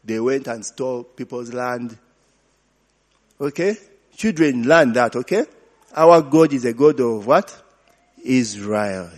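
A pastor with a mid-range, darkish voice leads his sermon in call-and-response fashion, quizzing the congregation and replying with repeated "hallelujah" and "glory be to God," all carried on a long hall reverb.

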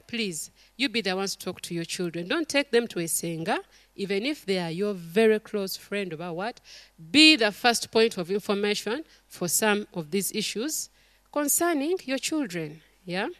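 Woman preaching with animated stories. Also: mid-range voice, normal speed, no echo. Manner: animated storytelling, acts out quotes, calls to the congregation. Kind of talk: sermon.

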